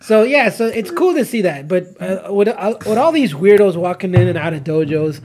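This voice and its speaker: Man, high voice, animated storyteller, casual podcast chat, faint background noise. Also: moderate pace. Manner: animated storyteller acting out quotes. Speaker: podcast co-host, jiu-jitsu instructor.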